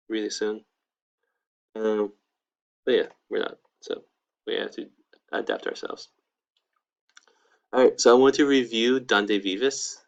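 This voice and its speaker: A young man in his twenties gives a relaxed online language lesson and keeps saying "all right, cool" between points. His voice sits on the low side. The recording sounds slightly dull and lo-fi. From United States. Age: 20s. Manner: casual, upbeat, peppered with "all right, cool". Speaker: Spanish teacher.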